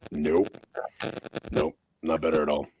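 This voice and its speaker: A man with a very low, husky voice chats easily with his co-hosts. He quizzes them and tallies a poll. The sound is dry and close. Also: completely flat delivery, measured pace, darkish tone, no room sound. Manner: chatty, runs a poll and asks questions. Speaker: podcast host. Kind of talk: casual chat.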